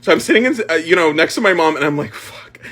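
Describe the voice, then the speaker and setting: Young guy, high-pitched and swinging all over, spilling a cringe story with swearing and laughs. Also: racing. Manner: animated, profane, laughing storytelling. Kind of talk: casual storytime.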